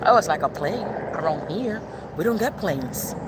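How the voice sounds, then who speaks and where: A woman giving a live tarot reading, excitable and expressive, swearing casually as she talks to viewers. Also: lowish voice, moderate pace, very noisy. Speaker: tarot reader.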